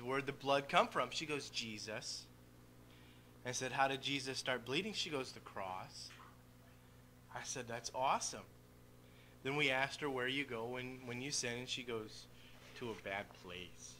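Bright-voiced man telling a church story. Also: medium pitch, a little hiss or hum, rough recording. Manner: storytelling, gentle, quoting a child. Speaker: father baptizing his daughter. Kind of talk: church testimony and baptism. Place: church baptistry.

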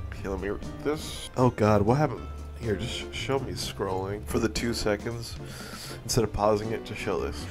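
A man giving casual, rambling commentary on a strategy game he is playing, swearing and laughing often. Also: mid-range voice. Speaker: video game streamer. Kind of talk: casual let's-play commentary.

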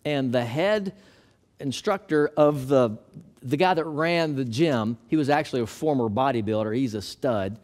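A man's voice: mid-range voice, moderate pace, a little mellow. A man preaching a sermon as pastor, building emphasis as he quotes and explains scripture.

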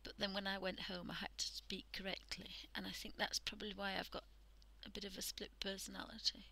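A woman's voice: mid-range voice, level tone, fairly quick, vocal fry, few pauses, husky, low-quality recording. A woman from the UK hosting a live art stream, talking casually and often half-whispering as she demonstrates drawing. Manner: soft, often half-whispered while working, chatty with fillers. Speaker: art livestream host.

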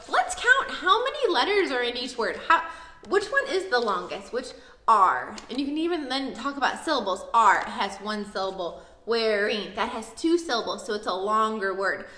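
A woman's voice: a little high, sharp tone, slight background noise. A woman in her thirties, a preschool teacher giving casual, upbeat classroom tips and acting out what kids might say. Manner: chatty, upbeat, acts out kids' lines. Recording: roomy echoey recording.

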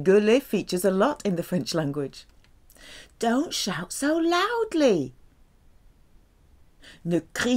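Slow and careful yet lively, a woman gives a French lesson, lingering on each French example. Her pitch is highly animated throughout the measured delivery.

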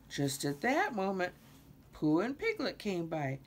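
An older woman slowly reading a children's storybook aloud, with a lot of expression. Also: on the low side. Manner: slow, expressive reading with many character voices. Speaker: storybook reader.

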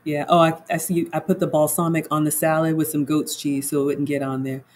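A woman's voice: low voice, flat delivery, brisk, poor audio. A woman home cook chatting casually on a livestream, walking viewers through her cooking and reading their comments aloud.

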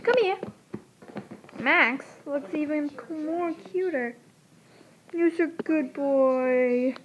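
High-voiced chatty woman vlogger. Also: fairly even intonation, slow, highs cut off, slight background noise. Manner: chatty, rambling, baby talk to her dogs. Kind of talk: casual chat to camera.

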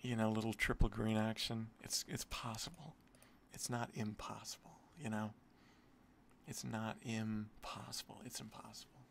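A man's voice: lowish voice, little pitch movement, normal speed, vocal fry, a bit bright, slight background noise. A man streaming an online gambling session, swearing and muttering in exasperation at his losses. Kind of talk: casual gambling commentary.

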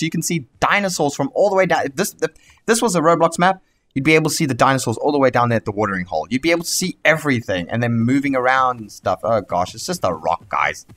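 A young man with a South African accent talks through his gameplay in a casual, excitable way. He swears freely and slips into heated rants, in a voice of ordinary middle pitch for a man. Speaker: gaming YouTuber.

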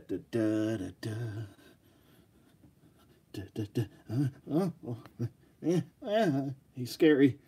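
Animated, jokey man reviewing toys. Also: on the high side. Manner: jokey, rambling, talks to viewers. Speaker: action figure reviewer. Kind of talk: casual live toy review.

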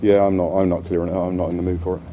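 A man's voice: low-pitched, flat delivery, very fast, dark tone, slight background noise. A man talking casually to camera while out walking his dog on the coast, with grumbling, irritated asides. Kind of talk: casual walk-and-talk commentary. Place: outdoors on the coast.

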